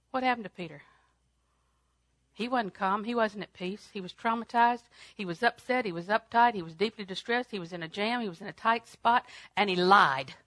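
A woman preacher delivering a sermon with dramatic swings between loud, emphatic declarations and hushed, almost whispered passages. She repeats phrases for effect and keeps a middle pitch. The sound is dry, with no room echo.

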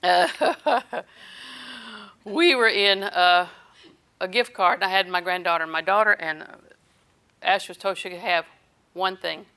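A woman's voice: lowish voice, measured pace, long pauses, sharp tone, smooth. An older woman preaching a sermon, telling homespun personal stories and chuckling between them.

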